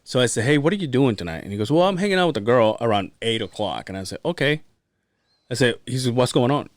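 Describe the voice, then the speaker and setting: A man's voice: medium pitch, quick pace, no echo. A man hosting a podcast, telling stories in casual chat with lots of swearing and acted-out quotes. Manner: profane, animated storytelling with acted-out quotes. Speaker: podcast host.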